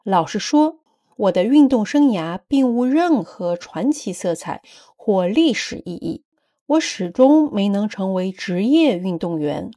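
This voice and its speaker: A woman reading a passage aloud as a measured model for students. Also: mid-range voice, big pitch swings, warm tone.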